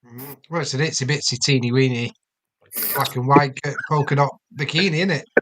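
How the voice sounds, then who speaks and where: A man on a rugby fan panel, speaking in a measured, wry way. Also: medium pitch, noisy background. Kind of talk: casual panel chat.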